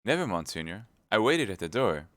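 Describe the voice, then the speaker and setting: A man's voice: lowish voice, sing-song, fairly quick, fairly bright tone, no echo, pitched above the performer's own voice. A nervous, servile mercer, as a man reading aloud puts him on, speaks in a voice raised well above the reader's own. He is meek and eager to please. The delivery is close and dry. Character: timid fawning male mercer, nervous.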